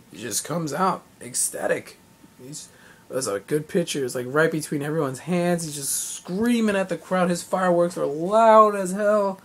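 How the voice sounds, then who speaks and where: A young man talks through a live event he went to in a loose, rambling way. He gets excitable, stacks up fillers and slips into acted-out quotes as he goes. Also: fairly high pitch. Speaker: vlogger. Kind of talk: casual recap of a live event.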